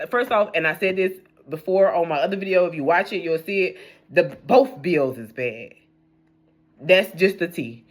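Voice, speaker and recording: A woman's voice: fairly low pitch, moderate pace. A young adult woman speaking, delivering a blunt, rambling rant on the news with plenty of profanity. She talks casually and unscripted, restarting her sentences as her thoughts run ahead. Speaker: news commentator vlogger.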